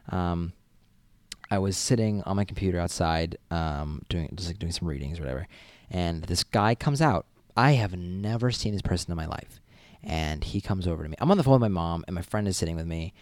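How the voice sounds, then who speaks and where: A man's voice: low-pitched, animated, fairly quick, no room sound. A young man from Massachusetts, a college student telling casual stories in a rambling, chatty way. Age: young adult. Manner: rambling, chatty, many fillers and restarts. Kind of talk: casual storytelling vlog.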